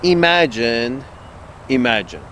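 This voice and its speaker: A man's voice: mid-range voice, lively intonation, slow pace, fairly bright tone, slight background noise. A man giving a rambling political monologue to his audience, blunt and crude, repeating himself and laughing at his own jokes. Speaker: online commentator.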